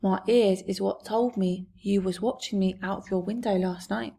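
A woman's voice: medium pitch, fairly even intonation, normal speed, gravelly, dark tone, slightly rough. A woman voicing a big friendly male giant who talks earnestly in broken grammar.

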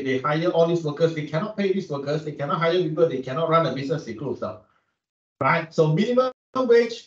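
A man with a Malaysian English accent, lecturing an economics class and peppering it with rhetorical questions and repeated words. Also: fairly high pitch. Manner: asks students frequent rhetorical questions; repeats words while searching for them. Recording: echoey room, distant mic, dull sound.

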